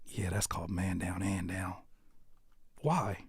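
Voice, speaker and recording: A man hosting a live stream, reacting to viewer music with animated, slangy, profane joking banter and teasing the chat. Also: deep voice, takes it slowly, slightly rough, no room sound. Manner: reads out chat comments and teases viewers.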